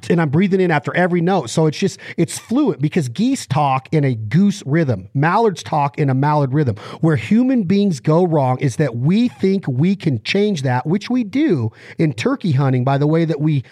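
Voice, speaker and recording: A man co-hosting a podcast, giving an animated, joking explanation of how to blow a duck call, talking from his car. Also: a little high, moderate pace, hardly any pauses, dry recording, studio quality. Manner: animated, demonstrative, jokey. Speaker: podcast co-host and duck caller. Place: driving in a car.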